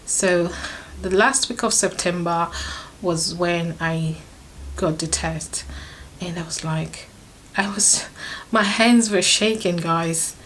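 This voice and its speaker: A woman's voice: lowish voice, slow, a bit bright, a little hiss or hum. Emotional young woman telling a storytime. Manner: emotional, laughs often, restarts sentences. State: pregnant, third trimester. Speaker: vlogger. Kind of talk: casual storytime to camera.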